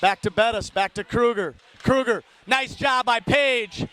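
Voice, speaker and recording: Calling a youth hockey game play-by-play, this man has a very high-pitched, smooth, unhurried voice. He reels off player names, yells during big moments, and makes chatty asides to listeners, greeting them by name.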